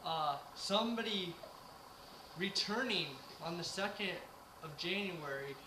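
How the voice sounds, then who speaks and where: A man's voice: high voice, lively intonation, unhurried, background noise. Hesitant man in an echoey room. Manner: hesitant, lots of uh fillers. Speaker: co-host. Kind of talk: casual wrestling prediction chat.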